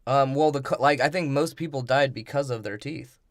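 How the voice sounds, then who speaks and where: A man's voice: mid-range voice, brisk, no echo, clean studio sound. A man co-hosting a podcast, chatting casually about a movie in an offhand, wisecracking way. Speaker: podcast co-host. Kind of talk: casual comedic movie chat.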